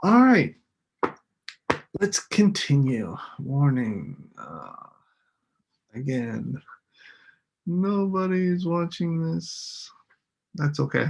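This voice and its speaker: Slow, gravelly-voiced English teacher. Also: male voice, a little high, big pitch swings, a little mellow, a little hiss or hum. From United States. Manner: slow, deliberate, repeats words for students. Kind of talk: live-streamed English lesson.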